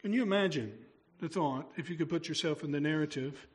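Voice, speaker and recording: A male pastor with a slightly high, brisk, husky voice preaches a sermon. He talks through the story conversationally and puts rhetorical questions to his congregation.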